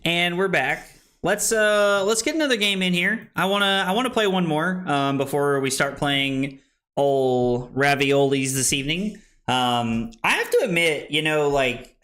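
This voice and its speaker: A young male streamer chats loosely through a card game, his voice bright and ringing. He swings up and down in pitch all the time, quick to laugh and quick to curse. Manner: excitable, laughing, swearing freely. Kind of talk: casual live-stream chat while playing.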